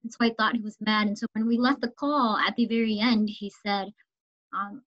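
A woman teacher from Minnesota telling an emotional story in a relaxed conversation. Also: mid-range voice, a little fast, dull audio. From Minnesota, United States. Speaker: teacher, podcast guest. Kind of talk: casual conversation.

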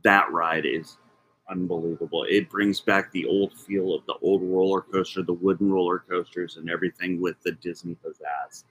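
A man co-hosts a casual podcast, trading jokes and keeping the banter playful. His voice sits on the lower side for a man, relaxed and easygoing. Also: moderate pace, husky, rough recording. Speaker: podcast co-host. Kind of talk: casual chat.

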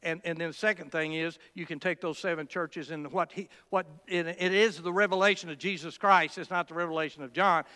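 A man preaches with impassioned fervor, his smooth, resonant voice rising high whenever he hammers a point home. He often halts and restarts his phrases as the message builds. The sound rings with the long reverb of a large hall. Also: steady tone, a little fast, few pauses, bright, forceful tone. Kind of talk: sermon.

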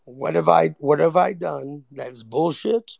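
A man in a heated online group argument, insistent and repetitive, talking over others with a gravelly voice. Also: on the high side, a little slow, a little mellow, no echo. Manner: insistent, repeats words, talks over others.

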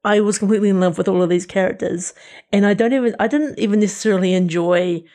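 A man's voice: sits high, fast, darkish tone. A man co-hosting a casual podcast, rambling about TV shows he watched with lots of restarts and fillers. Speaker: podcast co-host. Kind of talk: casual chat reviewing TV shows.

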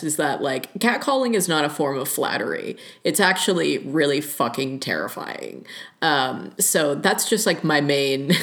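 A woman's voice: low voice, fairly bright tone. A young woman hosting a casual solo podcast, talking candidly, laughing often and swearing freely. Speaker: podcast host. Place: lives in rural Oregon.

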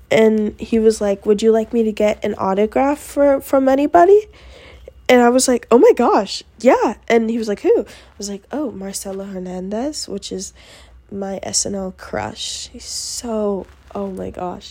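Chatty woman with a mellow voice. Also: mid-range voice. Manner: chatty, lots of fillers, acts out quotes with a raised voice. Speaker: podcast host. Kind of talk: casual storytelling.

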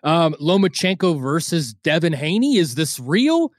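A man's voice: fairly high pitch, very animated, a little slow, no echo, clean studio sound. Joking, crude male podcast co-host. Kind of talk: casual podcast chat.

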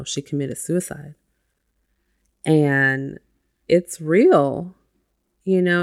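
Woman host, chatty self-help monologue, low and gravelly voice. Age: adult with a child. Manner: chatty, uses lots of "you know" and "like". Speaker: podcast host.

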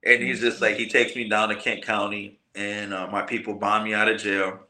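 A man's voice: on the low side, moderate pace. A man from telling a long story in casual, profane slang, acting out the people he quotes. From Michigan, US. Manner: profane, slangy, animated retelling with quoted voices. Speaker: podcast guest, cannabis grower. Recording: roomy echo.

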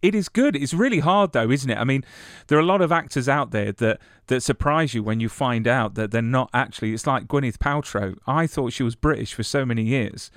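A man's voice: medium pitch, fairly quick, no room sound, clean studio sound. A man interviewing an actor, chatty, often stumbling and repeating words as he asks his questions.

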